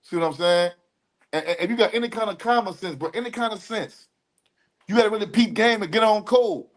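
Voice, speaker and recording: A man co-hosting a casual livestream podcast, talking in loose street slang with drawn-out emphatic asides. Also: high voice. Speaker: podcast co-host.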